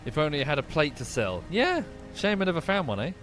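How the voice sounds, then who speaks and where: A man's voice: on the high side, sing-song, fast, fairly bright tone, a little hiss or hum. A man streaming a game, talking casually and wryly, with the odd curse. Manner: chatty, wry, swears casually. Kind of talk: casual gameplay commentary.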